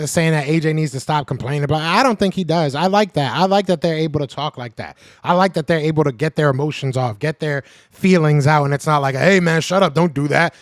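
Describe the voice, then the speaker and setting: A man hosting a live podcast, reading the chat and trash-talking in a casual, animated way; he is a little sick. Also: a little high, no room sound, clean studio sound.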